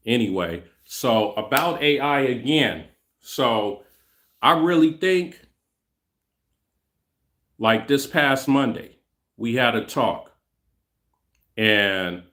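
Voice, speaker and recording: A man's voice: medium pitch, a bit bright. A middle-aged man hosting his own channel, talking casually and rambling straight to his viewers, often repeating himself. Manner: rambling, repeats himself, speaks to chat directly. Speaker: channel host. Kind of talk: casual livestream talk to viewers.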